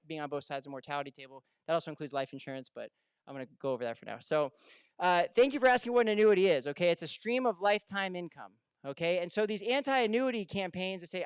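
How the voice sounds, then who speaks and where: A man giving a lively seminar talk on retirement income, asking the room questions and telling stories. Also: sits high, clean tone, dry recording. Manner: energetic, conversational, asks the room questions. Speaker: financial advisor speaking at a seminar. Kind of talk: live seminar talk to an audience. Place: room with a live audience.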